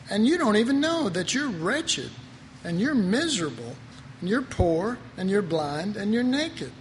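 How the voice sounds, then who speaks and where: A man giving an informal Bible teaching, playful and animated, acting out quotes with humor. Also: sits high, unhurried. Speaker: preacher. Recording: reverberant hall, faint noise.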